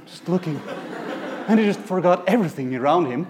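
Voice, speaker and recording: Chuckling, halting male pediatric radiologist. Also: high voice, animated. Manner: halting, many fillers and restarts, chuckling asides. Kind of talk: lecture with anecdotes.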